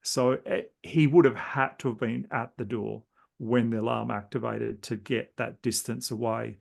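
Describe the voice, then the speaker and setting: A man's voice: mid-range voice, fairly even intonation, normal speed, creaky. A man hosting a podcast interview, telling stories in a meandering, reflective way. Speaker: podcast host. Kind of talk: casual conversational interview.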